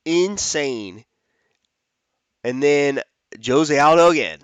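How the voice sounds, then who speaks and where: A man's voice: mid-range voice, lively intonation, moderate pace, a bit bright, no room sound. A man hosting a fight-picks show, talking casually and rambling, correcting himself as he goes. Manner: chatty, rambling with restarts and self-corrections. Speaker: MMA fight picks host. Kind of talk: casual fight prediction talk.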